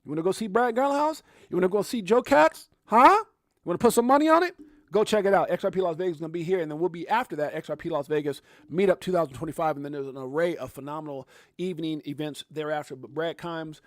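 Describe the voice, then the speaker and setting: A man hosting a casual livestream, talking straight to his viewers in an animated, chatty way. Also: a little high, quick pace, dry recording, studio quality. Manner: animated, talks directly to viewers with shout-outs. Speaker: livestream host.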